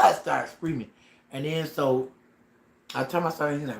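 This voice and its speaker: A man telling a personal story on a casual livestream, dramatic and animated, with slang and sound effects. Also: on the high side, normal speed, vocal fry, pauses often, shouting. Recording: roomy echo with faint ambience.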